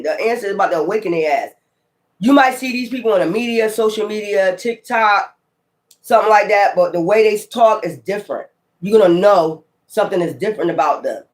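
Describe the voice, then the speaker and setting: A tarot reader talking casually while pulling cards, animated and profane, often calling the listener child. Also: medium pitch.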